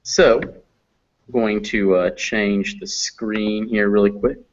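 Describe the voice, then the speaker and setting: A man's voice: fairly low pitch, steady tone. Man patiently teaching pronunciation, muffled call audio. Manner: patient, explanatory, slows down to demonstrate sounds. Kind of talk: explaining phonetics in an online class.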